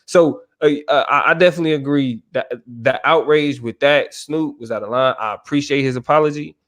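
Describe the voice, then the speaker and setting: A man's voice: medium pitch, brisk, a bit bright. A man co-hosting a casual podcast discussion, talking emphatically and checking in with his listener. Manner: emphatic, keeps asking "you feel me". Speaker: podcast co-host.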